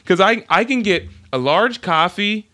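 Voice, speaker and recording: A lively man hosting a podcast with a New Jersey accent, his voice bright and forceful. He talks in a loose, joking way, sitting a bit higher than most men. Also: a little slow. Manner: animated, laughing, playful banter. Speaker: podcast host. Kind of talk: casual podcast chat.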